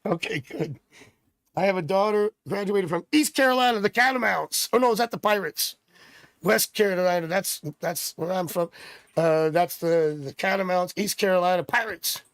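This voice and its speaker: A man's voice: sits high, normal speed, fairly bright tone. A middle-aged man from Canada doing a live tarot reading, chatty and rambling with jokey asides. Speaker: tarot reader.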